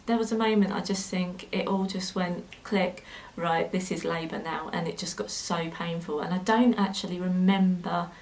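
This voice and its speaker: A woman's voice: on the low side, a little mellow, poor audio. Hesitant young woman vlogger. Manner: hesitant, many ums, gets emotional. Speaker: sewing vlogger. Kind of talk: personal storytelling to camera.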